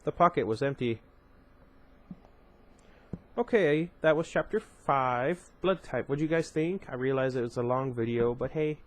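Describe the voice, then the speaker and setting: A man's voice: mid-range voice, unhurried, long pauses. A man reading a novel aloud as a vlogger, chatty, often stumbling over words and correcting himself. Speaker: audiobook reader and vlogger.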